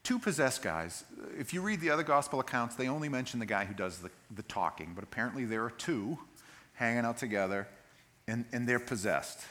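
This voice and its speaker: A man's voice: medium pitch, expressive, brisk, bright, forceful tone. A male pastor giving a sermon, reading scripture and explaining it in a conversational, plain-spoken way.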